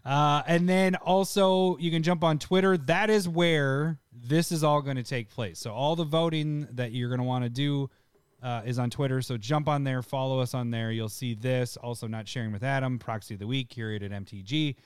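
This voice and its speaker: A man hosting a podcast, casually explaining voting and a giveaway in a relaxed, rambling way. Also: medium pitch, moderate pace, clear, resonant tone, no room sound, clean studio sound. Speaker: podcast host.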